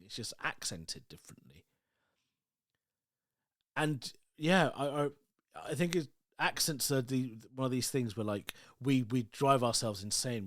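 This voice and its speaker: A man talks alone into the mic, wandering from point to point with plenty of asides. His voice sits at an ordinary middle pitch. The sound is close and dry, with no room around it. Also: expressive, moderate pace, fairly bright tone, dry recording. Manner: rambling, chatty, many asides and "like"s. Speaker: podcast host. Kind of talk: casual solo monologue.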